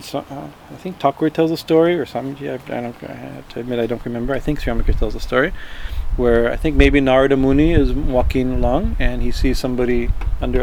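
A man's voice: medium pitch, gravelly, darkish tone, a little hiss or hum, poor audio. Man teaching from a religious text. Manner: alternates formal reading with loose, halting storytelling full of restarts. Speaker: spiritual teacher. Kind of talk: reading and commenting on a religious text in a class.

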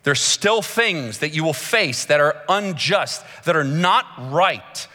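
In a vast, echoing church, a male preacher works through his sermon with deliberate, theatrical weight, rising to high notes in moments of fervor. The hall's long reverb is clearly audible.

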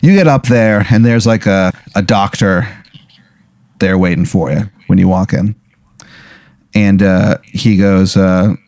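A man's voice: deep voice, a little slow, darkish tone, dry recording. A man running an improvised comedy role-play as game master, rambling along with lots of filler words.

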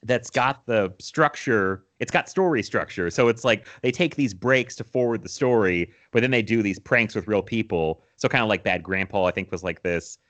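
A man's voice: on the low side, normal speed, few pauses, a bit bright. A young man co-hosting a podcast, chatting casually about movies, rambling with restarts and laughing often. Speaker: podcast co-host.

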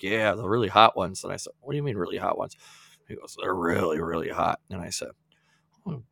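A man's voice: sits low, creaky, fairly bright tone, no echo. A man co-hosting a podcast, telling a rambling story in casual chat, laughing often and acting out his friends' lines. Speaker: podcast co-host.

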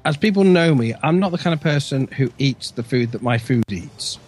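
A man's voice: mid-range voice, animated, normal speed, a little mellow, soft background music. A man co-hosting a casual podcast chat, throwing in jokey quips. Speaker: podcast co-host.

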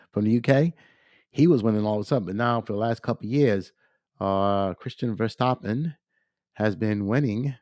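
A man's voice: fairly low pitch, a little mellow, no echo, clean studio sound. A man hosting a podcast by himself, ranting in a repetitive, emphatic way with frequent fillers. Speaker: podcast host. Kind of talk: casual solo podcast rant.

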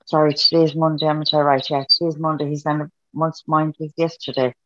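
Low-voiced woman on a dull line. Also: level tone, fairly quick, fairly bright tone, no echo. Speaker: audience member receiving a reading. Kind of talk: casual call-in reply.

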